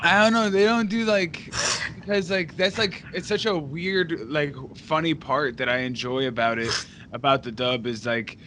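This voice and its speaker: A man's voice: fairly high pitch, normal speed, pushed and bright, slight background noise. A man hosting a casual podcast chat, rambling with lots of fillers and laughing often. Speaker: podcast host.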